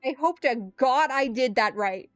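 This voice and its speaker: A woman with a fairly high voice chats with her stream audience in a loose, rambling way, tossing out giggles and bursts of excitement. The sound is close and dry, with soft music playing underneath. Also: no echo. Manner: chatty, giggly, quick asides and playful exclamations. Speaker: livestreamer chatting with viewers. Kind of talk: casual rambling stream chat.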